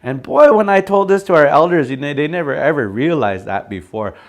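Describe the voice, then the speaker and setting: A man's voice: a little high, animated, fairly quick. A man teaching a language class in a casual, chatty way, laughing often and acting out how phrases should sound.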